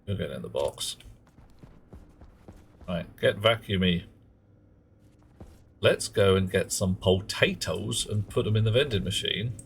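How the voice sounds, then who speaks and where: A man's voice: sits low, lively intonation, a little slow, creaky, pauses often, slight background noise. A man streaming a game live, chatting casually and muttering at in-game objects.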